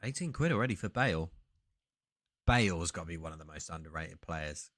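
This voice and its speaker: A man with a fairly low voice hosts a relaxed live stream. He talks to the viewers in a loose, meandering way. He often breaks off mid-sentence to start over or spin a story. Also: brisk. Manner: rambling, self-interrupting storyteller. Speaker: sports card streamer. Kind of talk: casual live-stream chat.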